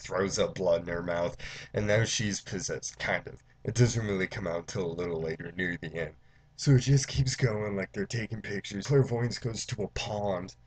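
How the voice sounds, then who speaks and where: A man's voice: low voice, slightly rough. A man giving a casual, profane, rambling movie recap, full of "like" and restarts, briefly mimicking characters' lines. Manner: acts out characters' lines in quick mock voices. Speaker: movie reviewer. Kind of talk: casual spoiler-filled recap.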